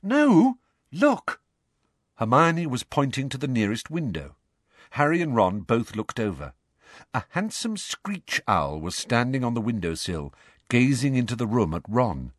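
A man narrating a storybook in a measured, expressive way. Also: mid-range voice, dry recording, clean studio sound. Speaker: audiobook narrator.

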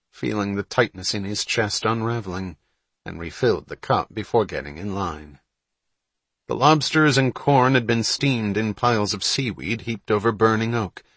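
A man reading a novel aloud as a measured, even audiobook narrator. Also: lowish voice, breathy edge, no echo. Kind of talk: scripted narration.

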